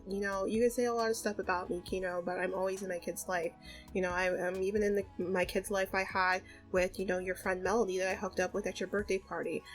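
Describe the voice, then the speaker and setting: A woman's voice: medium pitch, little pitch movement, fast talker, faint music behind, lightly acted. A woman voicing a selfish young man who answers grudgingly and defensively in a life-sim story. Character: sulky young adult man, selfish ex-boyfriend.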